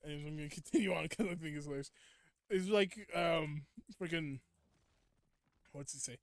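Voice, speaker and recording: A man's voice: fairly high pitch, moderate pace, no room sound, clean studio sound. A young man streaming a game, chatting casually, laughing often and acting out quotes. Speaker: gaming streamer. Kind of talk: casual gameplay chat.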